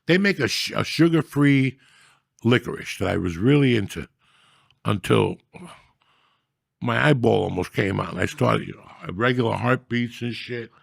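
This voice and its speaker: A man hosting a podcast, telling stories in a profane, loud, animated comedic rant. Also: medium pitch, normal speed, vocal fry, no echo, clean studio sound. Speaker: podcast host.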